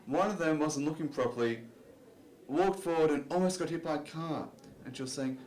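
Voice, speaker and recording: This stand-up comic speaks quickly in a slightly high, somewhat mellow voice, poking fun at himself in a rambling way and leaning on "you know" again and again. It's captured in a spacious-sounding club.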